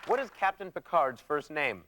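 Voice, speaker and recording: A man's voice: fairly high pitch, normal speed, over a noisy crowd, heavy background noise. A man hosting a television game show in an upbeat, announcer-like way. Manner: energetic, announcer-like. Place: TV studio. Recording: studio with audience and music. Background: studio audience and show music.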